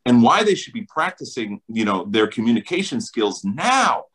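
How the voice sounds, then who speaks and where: A man's voice: mid-range voice, very animated, normal speed, fairly bright tone, low-quality recording. A middle-aged man with a New Jersey accent, a chiropractor talking enthusiastically and emphatically in an interview. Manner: enthusiastic, emphatic, laughs often. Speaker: chiropractor guest. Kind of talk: animated interview talk.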